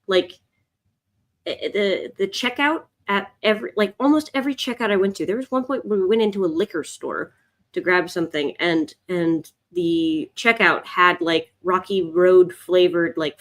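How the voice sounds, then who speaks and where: A woman with a somewhat low voice hosts a live sketching session from home. She rambles in a relaxed way and answers viewers' comments as she draws. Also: moderate pace. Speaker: art livestream host. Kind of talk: casual chat while drawing live. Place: home, in Chicago.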